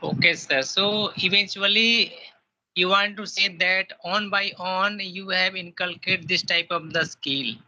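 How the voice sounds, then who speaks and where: A man asking questions politely and haltingly, with many restarts, as an interviewer. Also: high voice, pushed and bright. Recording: dull lo-fi audio.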